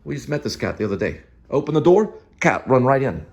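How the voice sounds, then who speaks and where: A man vlogs casually from his apartment, filming himself on a handheld phone as he rambles, cuts himself off, and hops from topic to topic. His medium-pitched voice swings widely in pitch, moves fast, and has a creaky, slightly mellow quality.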